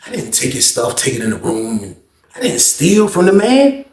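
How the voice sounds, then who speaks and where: A man telling a profane prison story in a casual, animated way, acting out the other people's voices. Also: mid-range voice, moderate pace. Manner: animated, acts out others' voices, heavy cursing. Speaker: storyteller vlogger. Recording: echoey room.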